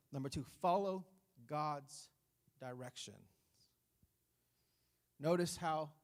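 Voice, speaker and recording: A male pastor giving a sermon in a church, preaching with passion that grows loud on repeated phrases. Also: a little high.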